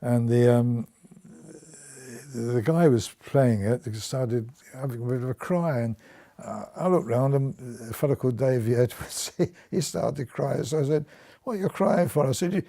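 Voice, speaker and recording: With a creaky, dark, mid-range voice at a moderate pace, an older former serviceman shares war memories in an oral history interview. His storytelling is dotted with laughter and sentences he begins again.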